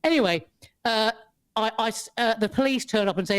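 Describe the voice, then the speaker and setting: Animated woman telling a story. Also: a little high, a little fast, clean tone. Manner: animated, swears freely, laughs often, many restarts. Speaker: podcast guest. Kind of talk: casual chat, storytelling.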